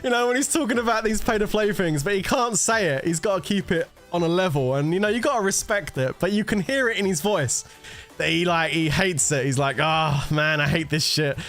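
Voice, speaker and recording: A man's voice: sits high, lively intonation, a little fast, a bit bright, faint music behind. A man in a casual gaming rant, swearing, rambling and laughing as he talks to his viewers. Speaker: gaming content creator.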